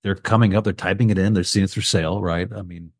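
Stammering low-voiced man. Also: fairly even intonation, quick pace, no room sound, studio quality. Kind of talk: casual panel discussion.

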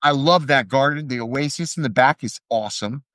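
A podcast co-host with a mid-range, fairly bright voice at normal speed chats casually, voicing strong opinions and stumbling over repeated restarts. The recording is dry and studio quality.

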